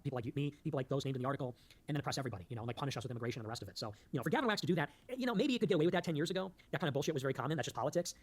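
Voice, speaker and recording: A man hosting a political show, delivering a rambling, emphatic monologue that loses its thread and cracks jokes along the way. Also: on the high side. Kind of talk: fast-talking political monologue.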